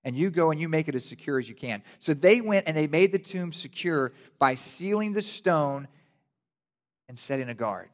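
A man preaching in a church hall, his slightly high voice carried by a long reverb. He tells the story with animated energy and swells into loud, passionate emphasis. Sermon delivery to a congregation. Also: normal speed. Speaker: pastor.

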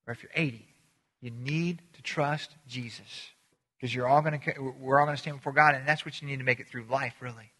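Fast, bright-voiced preacher in a reverberant hall. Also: male voice. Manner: animated, acts out voices with sudden pitch jumps; halting restarts and repeated words. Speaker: pastor. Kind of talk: sermon.

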